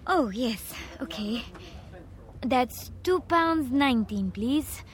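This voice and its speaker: A hesitant young shop clerk. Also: female voice, high voice, animated, slow pace. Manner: hesitant, apologetic. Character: young woman, homesick foreign student clerk. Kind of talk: scripted audio drama for learners.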